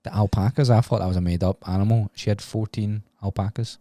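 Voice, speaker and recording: A man's voice: lowish voice, fairly even intonation, a little fast, mellow, no echo. A young man with a Glaswegian Scottish accent, hosting a casual podcast chat and telling stories in a joking way. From Scotland. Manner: chatty storyteller, swears and laughs. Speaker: podcast host.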